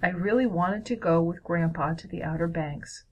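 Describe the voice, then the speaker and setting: A woman's voice: on the low side, normal speed, dull audio, natural voice. A woman voicing an upset young boy who sulks and complains, in a read-aloud story. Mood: sulky. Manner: sulky, frustrated.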